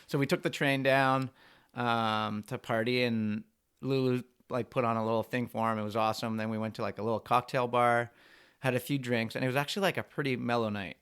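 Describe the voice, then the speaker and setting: A young man from Canada, a pro freeskier, telling a rambling, animated story on a podcast and saying "like" a lot. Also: mid-range voice, a little fast, clean tone. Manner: animated, rambling anecdotes full of "like".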